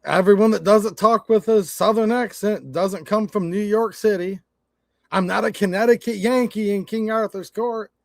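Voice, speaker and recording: A man's voice: high-pitched, moderate pace, gravelly, no echo. Blunt Michigan man ranting on a livestream. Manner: blunt, swearing, storytelling with quoted exchanges. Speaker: channel host. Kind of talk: casual livestream rant.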